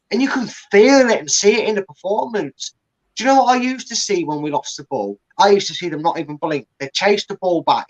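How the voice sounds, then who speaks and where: A man's voice: sits high, poor audio. A man co-hosting a fan channel's post-match chat, ranting about the team and acting out the manager and players. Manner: ranting, acts out the manager and players in little put-on voices. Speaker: co-host and fan pundit.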